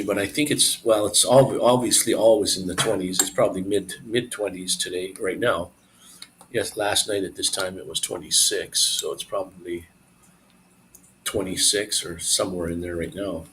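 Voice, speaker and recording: A man's voice: deep voice, normal speed, slight background noise, poor audio. A man live streaming, chatting casually and rambling to his viewers. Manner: rambling, relaxed, talks to viewers.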